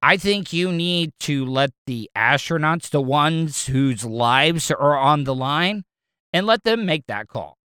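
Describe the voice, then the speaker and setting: A man's voice: a little high, animated, takes it slowly, pushed and bright, clear, resonant tone, no room sound, clean studio sound. A man talking casually and at length, rambling and restarting his sentences often. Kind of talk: casual opinion talk.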